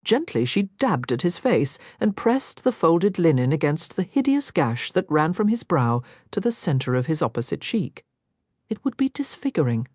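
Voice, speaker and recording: A woman narrating a romance audiobook with expressive reading, recorded dry and close. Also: low voice, no room sound. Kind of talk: scripted narration.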